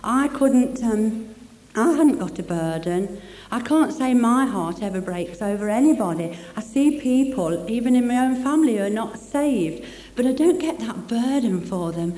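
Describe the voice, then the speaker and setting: A woman's voice: a little high, expressive, normal speed, dark tone. A woman giving an emotional personal testimony at a church meeting, talking in a heartfelt, chatty way. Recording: echoey hall with long reverb.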